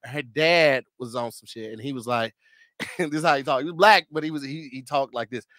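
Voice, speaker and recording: Guy spinning a story on a podcast, bright tone, dry sound. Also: medium pitch, brisk, dry recording. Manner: animated storyteller who mimics people. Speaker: podcast co-host. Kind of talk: casual storytelling.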